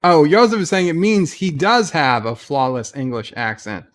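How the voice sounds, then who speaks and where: A man with a somewhat higher voice hosts a relaxed livestream and reads viewers' chat messages aloud. He talks in a rambling, chatty way, full of "uh"s and restarts, and responds to each comment as he goes. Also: moderate pace. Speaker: livestream host. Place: at home in bed.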